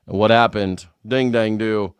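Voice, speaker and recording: A man's voice: lowish voice, steady tone, a little slow, clear, resonant tone, no echo. A man hosting a live call-in show, ranting sarcastically and profanely about politics and mocking people in put-on voices.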